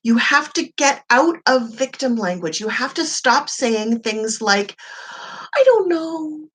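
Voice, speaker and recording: A woman's voice: fairly high pitch, measured pace, a bit bright. A woman life coach giving an emphatic, encouraging motivational talk to camera, full of rhetorical questions.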